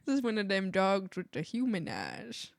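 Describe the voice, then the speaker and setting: A woman's voice: mid-range voice, wildly swooping pitch, moderate pace, vocal fry, no echo, clean studio sound. A woman streamer chatting casually while she reacts to videos, giggling and swearing freely.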